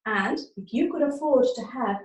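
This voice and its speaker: A middle-aged woman from England teaching learners in a slow, deliberate way, often checking that they follow. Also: on the high side, a little mellow, distant mic. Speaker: webinar teacher. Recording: echoey room, speaker off-mic.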